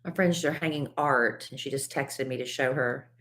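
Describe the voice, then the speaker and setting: A woman's voice: a bass voice, moderate pace, fairly bright tone. A woman with a Texan accent hosting a podcast live stream, chatting candidly and sounding worn out. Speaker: podcast host. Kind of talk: casual live-stream chat.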